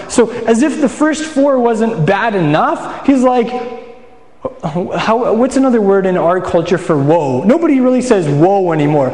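A man's voice: sits high, animated, measured pace, a little mellow. A man from the prairies preaching a sermon as a pastor, talking conversationally, asking questions and answering them himself, often restarting his sentences. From Saskatchewan, Canada. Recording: echoey hall.

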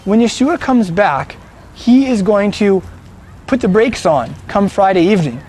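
A man's voice: high voice, lively intonation, unhurried, a little mellow, slight background noise. A man preaching a sermon, emphatic and fond of rhetorical questions.

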